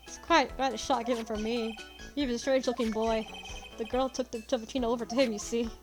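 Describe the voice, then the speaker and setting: A woman's voice: on the high side, fairly even intonation, fast, music in the background, natural voice. Woman voicing grumpy old Victor Kudo. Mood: gossiping. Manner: rambling, boastful, snaps at people.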